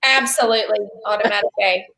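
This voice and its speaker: A woman's voice: mid-range voice, fast, bright, forceful tone. A woman, co-hosting a podcast in casual chat, folksy and reflective. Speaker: podcast co-host.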